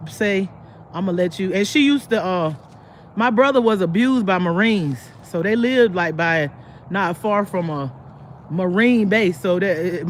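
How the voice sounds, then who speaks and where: A woman hosting her own livestream, telling a long story to her viewers in a blunt, profane, rambling way, full of restarts, and bursting into animated impressions of the people in it. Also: medium pitch, a little hiss or hum. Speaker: livestream host. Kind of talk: casual live storytelling to viewers.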